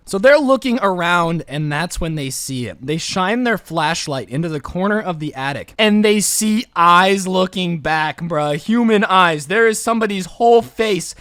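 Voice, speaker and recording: A man's voice: sits high, moderate pace, few pauses, smooth, no room sound. Young male storyteller, jokey and slangy, with a dry, close sound. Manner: animated, jokey, slangy asides. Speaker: storytime YouTuber. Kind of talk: casual storytelling.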